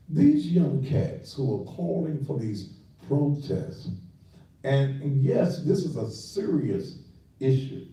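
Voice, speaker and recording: A man's voice: medium pitch, very animated, takes it slowly, warm tone, heavy reverb, recorded from a distance, rough recording. An older man hosting a talk show, lecturing his listeners in a preachy, scolding way. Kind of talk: radio commentary.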